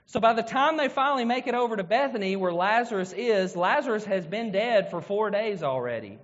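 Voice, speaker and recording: A man's voice: sits high, animated, a little fast, hardly any pauses. A man preaching a sermon, retelling a scripture story and acting out its quotes. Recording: dull sound with long hall reverb.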